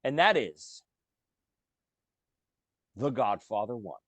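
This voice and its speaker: A man's voice: medium pitch, slow pace, no echo. A man co-hosting a casual podcast, talking animatedly about films and acting out lines. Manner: animated, swears casually, acts out movie lines. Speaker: podcast co-host. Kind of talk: casual chat.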